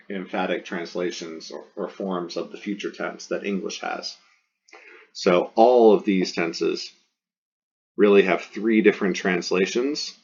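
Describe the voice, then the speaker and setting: Slow, low-voiced male Latin teacher. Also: husky, lo-fi sound. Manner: slow, methodical, repeats forms to drill them. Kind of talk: recorded grammar lesson.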